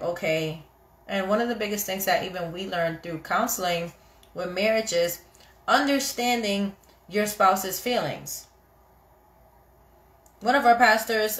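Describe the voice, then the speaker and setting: A woman hosting a casual live chat about marriage, animated and chatty, often acting out what people say. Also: mid-range voice. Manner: animated, chatty, quotes people in little acted voices. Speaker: host of a live chat for couples. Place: home, kitchen nearby. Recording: echoey room.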